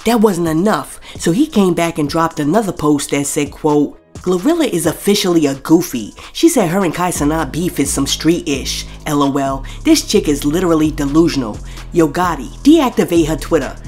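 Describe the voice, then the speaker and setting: A woman's voice: deep voice, darkish tone. A woman hosting a celebrity gossip show. She talks straight to the viewers and reads posts aloud, spelling out the censored swear words. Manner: chatty, addresses viewers directly. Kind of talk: scripted gossip commentary.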